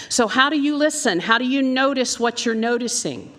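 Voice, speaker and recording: A woman's voice: on the high side, animated, normal speed, few pauses, a bit bright. A woman minister with a Southern American accent preaching a sermon, telling stories animatedly and acting out the voices she quotes. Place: church sanctuary. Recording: long hall reverb.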